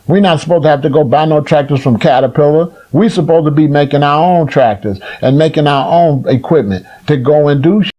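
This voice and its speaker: A man lectures his listeners in a fiery, preaching rant. His voice sits a little higher than most men's and climbs into loud, near-shouted rhetorical questions. His talk is blunt and profane and keeps hammering the same phrases. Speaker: community elder speaking on a livestream.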